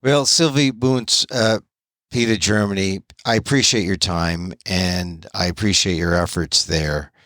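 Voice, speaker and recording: American male podcast host; low voice, gentle and reassuring, dry close sound. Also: fairly even intonation, unhurried, no echo. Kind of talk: casual interview.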